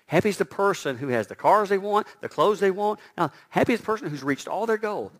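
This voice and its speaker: A man's voice: high voice, fairly quick. A male preacher delivering a sermon with a lot of movement in his delivery, pushing hard on emphatic lines and then dropping almost to a whisper. He sometimes trips over his own words, repeating them as he builds momentum. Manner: dynamic, swinging from loud emphasis to near-whispered quotes; stumbles and repeats words when excited.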